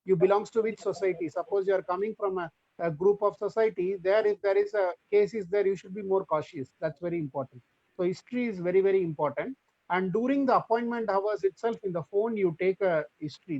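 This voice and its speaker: A man with an Indian English accent giving a fast, rambling lecture full of fillers on a video call. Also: sits high, dry recording. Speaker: webinar speaker, physiotherapist. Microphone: computer or headset mic on a video call. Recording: dull, lo-fi video call audio.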